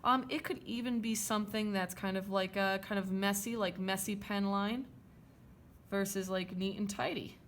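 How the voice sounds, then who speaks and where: Gravelly-voiced woman art teacher. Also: medium pitch, fairly even intonation, moderate pace, slight background noise. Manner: chatty, checks in with "okay?" and "right?". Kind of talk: drawing demonstration lesson.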